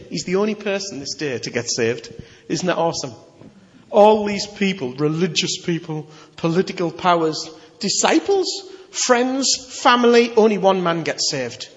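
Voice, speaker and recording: Animated preacher in an echoey hall. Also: male voice, sits high. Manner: animated, conversational, emphatic. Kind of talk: sermon. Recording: echoey hall, slightly dull.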